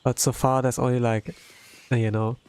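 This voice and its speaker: A man giving casual, rambling commentary as he plays a game, filling his talk with "like" and bursting out with excitement. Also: medium pitch, moderate pace, slight background noise. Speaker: streamer.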